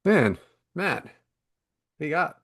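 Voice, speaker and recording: Animated, laughing podcast co-host man. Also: fairly high pitch, slow, slightly rough, dry recording, studio quality. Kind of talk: casual chat.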